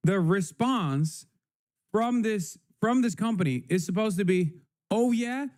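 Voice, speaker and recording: A man's voice: high-pitched, expressive, a little slow, darkish tone. A man ranting angrily on a live stream, swearing often and emphatic. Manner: angry, profane, emphatic.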